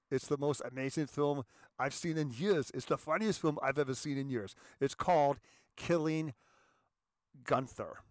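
A man hosting his own show talks straight to his viewers, emphatic and insistent, often stumbling over repeated words before pressing his point. His voice sits in a middle register, and the recording is dry and close, with no room echo. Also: medium pitch. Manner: emphatic, repeats words, addresses audience as ladies and gentlemen. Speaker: show host. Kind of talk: monologue to viewers.

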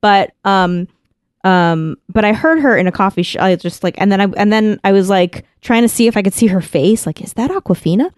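A woman's voice: medium pitch, moderate pace, clear, resonant tone, no room sound, studio quality. Chatty woman telling a casual story. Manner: chatty storyteller, heavy use of "like", frequent restarts. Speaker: podcast co-host. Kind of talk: casual chat.

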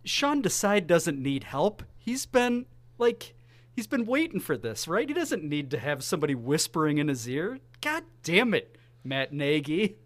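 A man co-hosting a casual sports podcast, excitable and jokey, often breaking into laughter. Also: a little high, measured pace. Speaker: podcast co-host.

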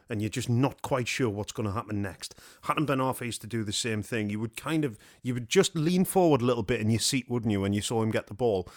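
A man's voice: mid-range voice, dry recording, clean studio sound. A man hosting a casual football chat, rambling and joking with his co-hosts. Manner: jokey, laughs often, rambling. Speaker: podcast host.

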